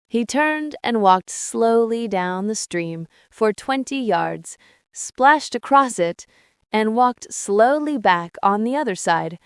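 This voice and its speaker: A woman narrating a children's storybook in a slow, measured way. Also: on the high side, animated, clean tone, no room sound, clean studio sound. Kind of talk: storybook reading.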